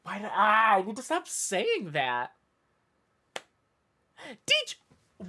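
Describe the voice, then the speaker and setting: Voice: mid-range voice, huge pitch swings, a little slow, long pauses, pushed and bright, slight background noise. A livestreamer rambling in casual chat with viewers, playful and full of mock outrage and self-interruptions.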